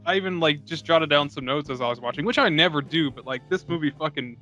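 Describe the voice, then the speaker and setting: A man with a slightly raised pitch co-hosting a casual movie podcast. He talks in a wry, sarcastic way, slipping in dry jokes. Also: fast talker, bright, forceful tone, lo-fi sound, soft background music. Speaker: podcast co-host. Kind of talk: casual movie-review chat.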